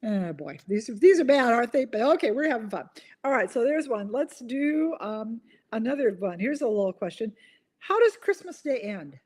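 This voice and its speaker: Casting: a chatty live-stream host who laughs at her own jokes, with an animated, bouncy voice. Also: a little high, normal speed. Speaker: host of a live online chat. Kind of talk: casual live-stream chat, reading viewer comments.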